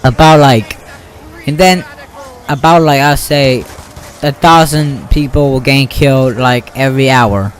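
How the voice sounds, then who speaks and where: A man casually telling a made-up story over gameplay, rambling and excitable, acting out sound effects. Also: mid-range voice, measured pace. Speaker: gaming YouTuber.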